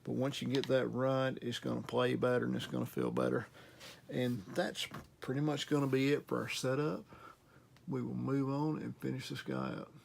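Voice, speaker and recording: Speaking at normal speed with fairly even intonation, this Southern man's medium-pitched, creaky voice carries over slight background noise. He hosts a guitar repair channel and talks through a setup in a casual, folksy, self-deprecating demo.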